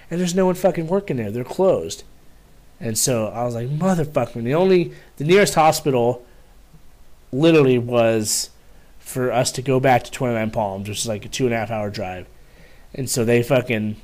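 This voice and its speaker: A young man telling a story casually to camera, rambling with restarts and frequent swearing. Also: medium pitch. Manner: rambling, profane, many restarts. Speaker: vlogger.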